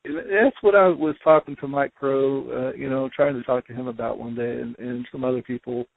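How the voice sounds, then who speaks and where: A man from the Midwest talks casually as a podcast guest and keeps restarting his sentences. His voice is gravelly. The sound is dry and thin, like a phone line. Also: mid-range voice, fairly even intonation, dry recording. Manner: halting, many fillers and restarts. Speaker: guest, home inspector. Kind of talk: casual interview chat.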